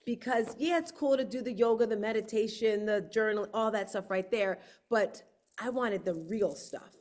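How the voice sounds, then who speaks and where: Woman, higher voice, animated storyteller, livestream talk. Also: moderate pace. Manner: lively storyteller, acts out quotes. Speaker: author and speaker hosting a book launch.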